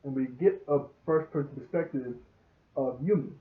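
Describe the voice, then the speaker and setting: A man giving a casual, rambling episode review. He gets excited, laughs often and retells scenes as he goes. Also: mid-range voice, moderate pace. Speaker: show reviewer. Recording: roomy, dull lo-fi sound.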